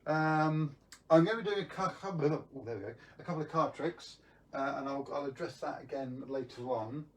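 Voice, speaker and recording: A man's voice: fairly high pitch, brisk, far from the mic. A man hosting a live magic stream, chatting casually to viewers with lots of ums and restarts.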